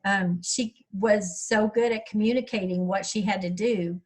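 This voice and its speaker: A middle-aged woman talks in a loose, rambling, chatty way. Her voice sits at an ordinary middle pitch for a woman. She is recorded over a video call. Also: fairly even intonation, normal speed, a little mellow, slightly rough, rough recording. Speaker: author speaking at a writers' workshop. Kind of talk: casual chat.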